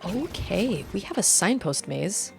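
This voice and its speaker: Speaking a little slowly in a mid-range voice with vocal fry, she chats with viewers during a gameplay stream as faint music plays behind her. She giggles a lot and lets out excited squeals when the game gets good.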